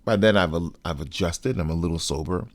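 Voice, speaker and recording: A man with an extremely deep, low voice tells a story from his own life. He speaks in a measured, deliberate way and curses bluntly now and then. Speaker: podcast host. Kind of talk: personal storytelling.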